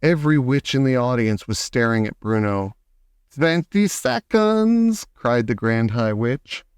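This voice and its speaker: A man reading a children's novel aloud with expressive, animated storytelling. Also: mid-range voice, moderate pace, clear, resonant tone, no echo, studio quality. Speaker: audiobook narrator.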